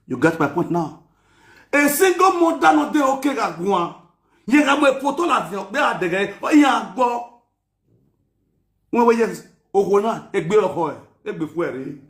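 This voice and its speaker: A man giving a scolding, mocking rant that mixes Pidgin and Yoruba, often shouting. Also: high voice, sing-song, moderate pace, reverberant. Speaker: commentator. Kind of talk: ranting commentary.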